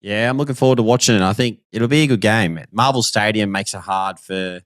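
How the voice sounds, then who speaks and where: A relaxed Australian man co-hosting a podcast in easygoing, matey banter. His voice sits a little low. The recording is dry and close, with no room sound. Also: fairly quick, dry recording. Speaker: podcast co-host and footballer. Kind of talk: casual chat.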